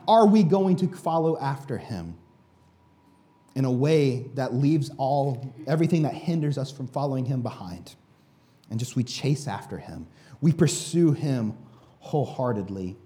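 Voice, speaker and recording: A man's voice: a little high, expressive, moderate pace, mellow. A man preaching a sermon with emphatic delivery, speaking directly to the congregation and leading them along. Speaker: pastor.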